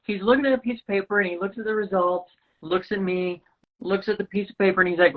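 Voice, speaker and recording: A woman's voice: medium pitch, fast. A woman guest telling a personal story in conversation, acting out the dialogue as she goes. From Rocky Mountain region of the US. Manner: animated storyteller, acts out quoted dialogue. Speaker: podcast guest. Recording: lo-fi phone-like line.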